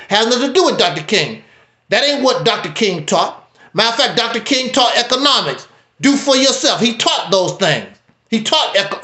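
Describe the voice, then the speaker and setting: A man hosting a livestream, talking in a casual, preachy, emphatic way with wide swings in pitch. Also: bright, forceful tone, echoey room. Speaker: livestream host. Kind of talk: casual commentary.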